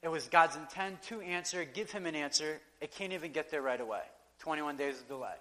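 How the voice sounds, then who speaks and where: A man preaching a sermon in a conversational, animated way, acting out quotes and asides. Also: fairly high pitch, a little fast. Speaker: pastor. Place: church sanctuary. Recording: long reverb of a large hall.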